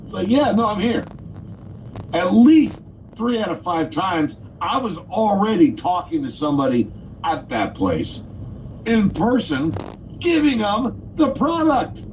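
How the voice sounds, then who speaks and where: A man's voice: high-pitched, very animated, unhurried. A man hosting a casual livestream, ranting about delivery work and acting out both sides of phone calls. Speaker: livestream host and delivery driver. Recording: distant mic with loud background noise.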